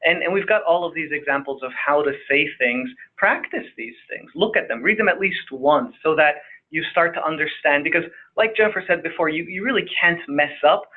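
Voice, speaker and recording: A man with a slightly high voice speaks emphatically, repeating words as he makes his points. The sound is thin and phone-like. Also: expressive, fairly quick, hardly any pauses. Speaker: psychiatrist guest. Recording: phone-quality audio.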